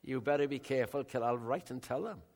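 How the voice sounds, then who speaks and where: An older man preaching a sermon in a conversational way, bantering with the congregation, with big swings in loudness. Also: medium pitch, quick pace. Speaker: pastor.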